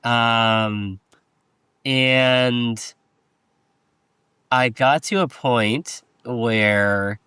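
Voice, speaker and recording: A man talking in a hesitant, searching way in a casual podcast conversation, with many pauses and restarts. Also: medium pitch, sharp tone, clear, resonant tone, dry recording.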